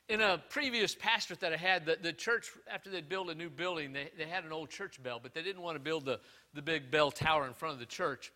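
A pastor delivering a sermon in a bright, fairly high man's voice. He swings between loud, emphatic declarations and quiet, confiding asides. His stories come out folksy, with repeated words and restarts. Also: brisk.

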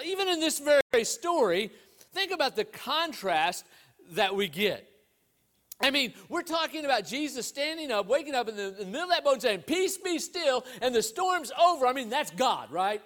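A man with a high voice delivers a Sunday sermon. He talks in a conversational way, full of rhetorical questions and restarted phrases. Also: fairly bright tone. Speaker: pastor.

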